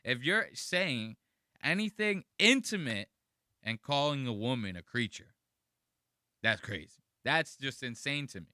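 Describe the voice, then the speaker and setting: Guy ranting over a video clip, crude and mocking, bouncy pitch, bright punchy voice, dry close sound. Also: a little slow, no room sound. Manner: animated, crude, mocking, swears often. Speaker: commentator reacting to a video. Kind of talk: casual reaction commentary.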